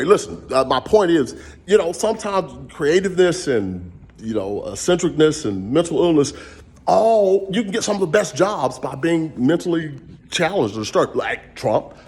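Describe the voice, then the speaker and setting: Husky man rambling through a story. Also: mid-range voice. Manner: rambling, animated, acts out his own lines. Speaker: vlogger telling a personal story. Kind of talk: casual storytelling monologue.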